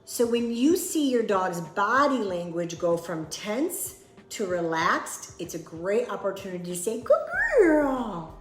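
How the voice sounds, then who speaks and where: A woman's voice: mid-range voice, expressive, a little slow, fairly bright tone, echoey room, soft background music. A woman dog trainer giving earnest, plain-spoken advice and acting out sample replies. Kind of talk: instructional talk to camera.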